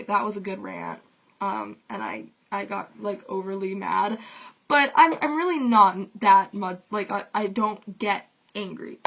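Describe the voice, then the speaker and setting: A young woman talks straight to her viewers in a loose, casual rant. Her voice carries a gravelly fry, and her talk is full of "like" and the odd swear word. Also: medium pitch, a bit bright, poor audio. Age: young adult. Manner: heated, fast-talking, fillers of "like", swearing. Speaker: vlogger.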